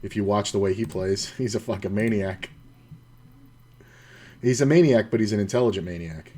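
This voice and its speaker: Low-voiced man thinking aloud, casually profane. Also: fast talker, a little mellow, breathy edge. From United States. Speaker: poker streamer. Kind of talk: casual commentary while playing online poker.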